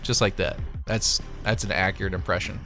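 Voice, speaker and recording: A man's voice: sits low, steady tone, a little fast, bright, forceful tone, soft background music. A man hosting a casual livestream, reading out viewer comments and chatting loosely with his chat, swearing now and then. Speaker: livestream host.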